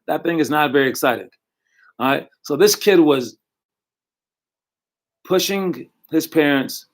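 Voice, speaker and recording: A man coaching young basketball players, giving a casual, encouraging motivational talk from home into a computer microphone and correcting himself as he goes. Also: mid-range voice.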